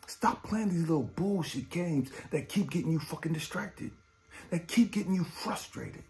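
A man giving a profane motivational talk as a life coach, blunt and intense, swinging between loud urging and low muttering. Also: normal speed, faint music behind. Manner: blunt, heavy swearing, drill-instructor intensity.

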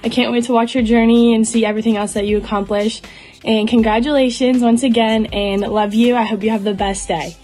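A woman with a fairly high voice that stays in a narrow, even range, chatting enthusiastically. Faint music plays behind her. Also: a little fast. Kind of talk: casual video message.

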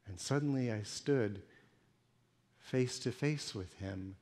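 A male pastor delivering an emotional first-person sermon monologue, moving between hushed storytelling and pleading intensity. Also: medium pitch, slow pace.

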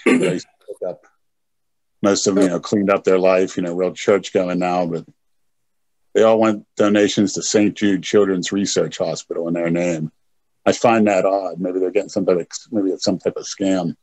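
A man's voice: deep voice, fairly even intonation, moderate pace, darkish tone. A middle-aged man hosting a podcast over a video call, telling crude, rambling stories in casual chat. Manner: rambling, crude anecdotal storytelling. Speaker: podcast host.

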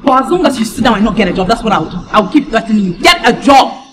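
A woman with a Nigerian accent playing a scornful wife who shouts insults at her jobless husband in public, in a movie. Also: on the high side, big pitch swings, quick pace, background noise. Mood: scolding. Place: outdoors in public.

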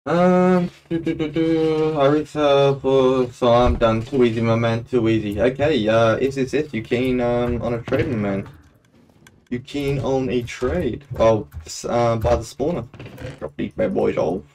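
Young aussie bloke on a game stream, chatty, giggles a lot, mid-pitched everyday voice, hypes up an in-game auction. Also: male voice, a little slow, darkish tone, slight background noise. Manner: chatty, laughs often, playful auctioneer bursts. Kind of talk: live gameplay stream commentary.

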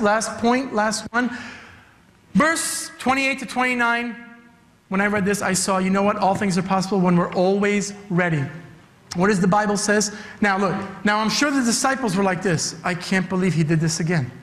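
A man, a youth director, preaching an animated sermon in a church, acting out the voices he quotes. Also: high-pitched, moderate pace. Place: church sanctuary. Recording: reverberant church hall.

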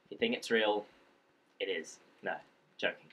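Lower-voiced man rambling through gameplay. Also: normal speed, a bit bright, slightly rough. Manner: rambling, joking, talking to the game's creatures. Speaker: gameplay commentator. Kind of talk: casual let's-play commentary.

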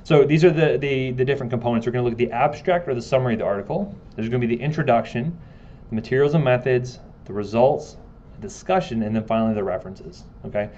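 A man's voice: medium pitch, quick pace, mellow, dull audio, a little hiss or hum. A man giving a casual classroom lecture, joking and asking his students questions.

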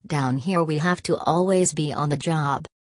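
A proud old Southern workman boasts in folksy rural dialect, read by a woman. The voice sits low and deep. The recording is dry and close, with no room sound. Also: moderate pace, dry recording. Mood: boastful.

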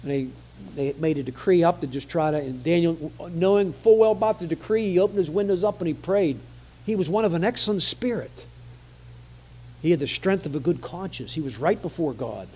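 A man's voice: fairly high pitch, lively intonation, fairly quick, warm tone, husky. A man preaching a conversational sermon, often repeating phrases for emphasis.

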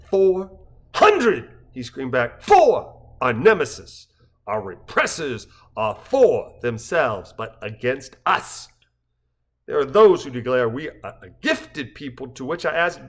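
A man reads a satirical story as if he were addressing a rally, his tone fierce and fired up. His voice sits a little high and swings widely, climbing into shouts before dropping to a murmur. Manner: impassioned oratorical delivery with shouted peaks. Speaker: narrator. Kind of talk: satirical dramatic reading.

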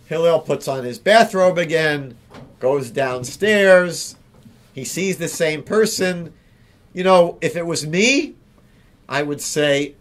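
A rabbi telling a teaching story in a slow, deliberate way, repeating key phrases. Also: male voice, fairly high pitch, expressive. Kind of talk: storytelling lesson.

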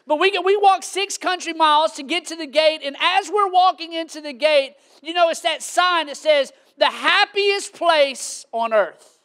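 A man, preaching a sermon as pastor with animated, shouting storytelling. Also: very high voice, normal speed, hardly any pauses.

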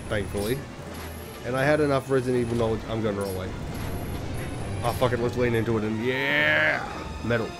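A man playing a video game and commenting in a rambling, self-deprecating way, swearing often. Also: medium pitch. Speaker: let's play gamer. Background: video game music.

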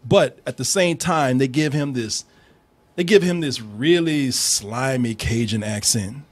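A man hosting a casual movie review, animated and profane, laughing often and slipping into impressions. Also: mid-range voice, a little slow.

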